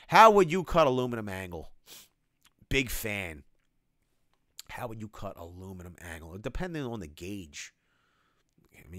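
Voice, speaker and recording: Animated man hosting a livestream. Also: fairly low pitch, dry recording, studio quality. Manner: animated, reads chat names aloud, shout-outs. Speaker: livestream host. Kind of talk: casual livestream Q&A, reading chat.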